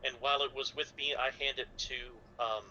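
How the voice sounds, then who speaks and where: A man playing a tabletop game, explaining his moves carefully and with halting restarts. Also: mid-range voice, fairly even intonation, bright, forceful tone. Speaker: player. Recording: dull lo-fi mic with faint background noise.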